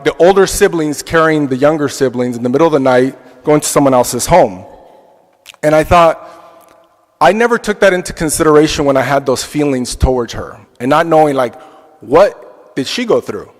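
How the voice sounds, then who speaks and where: A man's voice: a little high, moderate pace. A man teaching an adult church class, telling a personal story in a reflective way with casual fillers. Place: church hall. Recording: long reverb of a church hall.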